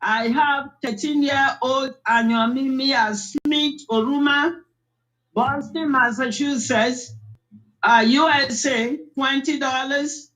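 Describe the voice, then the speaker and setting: A woman reading out a list of donors, measured and hesitant with fillers. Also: sits high, fairly even intonation, a bit bright, low-quality recording. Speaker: donation announcer.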